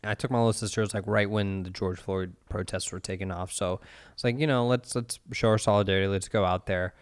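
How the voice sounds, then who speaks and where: A man's voice: lowish voice, fairly even intonation, fast talker, smooth, no room sound, studio quality. A man co-hosting a podcast, agreeing often and telling a story casually. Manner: agreeable, lots of yeahs, storytelling. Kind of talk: casual chat.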